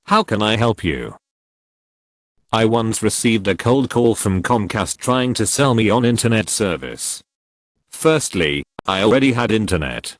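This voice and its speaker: A low-pitched male voice narrates online posts in an even, matter-of-fact way. It reads symbols and acronyms out literally, with pitch that still moves up and down a lot. The sound is close and dry, with no room around it. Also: dry recording. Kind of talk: scripted narration.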